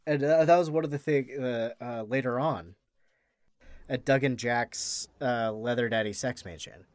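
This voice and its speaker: A man co-hosting a podcast, chatting casually about a film in a rambling, halting way with many restarts. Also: mid-range voice, dry recording. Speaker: podcast co-host.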